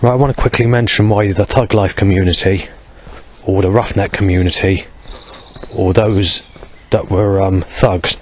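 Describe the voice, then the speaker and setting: Low-voiced hesitant man. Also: steady tone, moderate pace. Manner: hesitant, digressive, many fillers and restarts. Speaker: vlogger. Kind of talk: rambling monologue.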